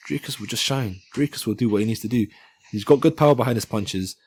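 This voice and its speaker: Fast-talking in a mid-range, slightly mellow and slightly rough voice, a man on his own MMA channel offers chatty fight-analysis commentary. He jokes about upcoming fights and corrects himself frequently.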